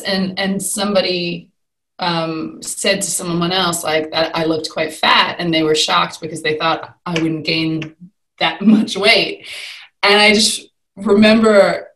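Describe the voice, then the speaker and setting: A young adult woman, appearing as a guest in a conversational interview, tells her story candidly, her pitch swinging in lively fashion. The recording is reverberant and low in quality.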